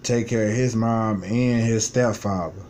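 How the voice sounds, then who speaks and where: Low-voiced man venting bluntly. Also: fairly even intonation, a little slow, darkish tone, slight background noise. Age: 20s. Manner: blunt, profane, frustrated venting. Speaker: vlogger. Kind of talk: personal vlog monologue.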